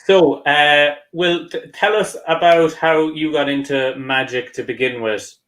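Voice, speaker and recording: A man hosting a podcast in relaxed, casual chat and laughing easily. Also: a little high, a little slow. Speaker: podcast host. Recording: echoey room.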